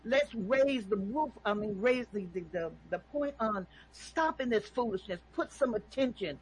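A woman's voice: a little high, animated, normal speed, breathy edge, rough recording. A woman calling in, talking emphatically and preachily about her views and often asking "okay?". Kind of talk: impassioned opinion talk.

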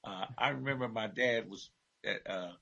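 This is a man with a gravelly, somewhat husky voice and a strikingly bright tone. He talks casually about faith as a church teacher and keeps chiming in with short affirmations. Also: fairly low pitch, normal speed, lo-fi sound. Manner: affirming, interjects often.

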